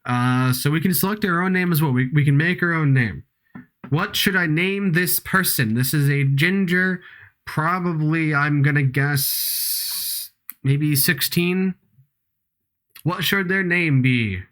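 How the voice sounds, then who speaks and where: Young guy streaming a game, chatty and giggly, voice a bit high for a guy. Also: slow pace, fairly bright tone. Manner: chatty, giggly, self-mocking. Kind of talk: casual gameplay commentary.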